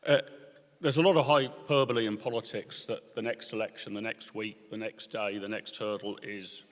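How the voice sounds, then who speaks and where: A man's voice: lowish voice, fairly even intonation, moderate pace. A man hosting a conference and asking the guest long, rambling, searching questions. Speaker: conference host and interviewer. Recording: reverberant conference hall.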